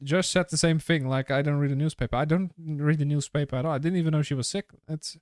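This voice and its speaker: A man's voice: fairly high pitch, fairly even intonation, a little fast, a little mellow, no echo, studio quality. A man streaming a game live, chatting casually with his viewers in a rambling way, full of fillers and restarts. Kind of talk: casual live-stream chat while gaming.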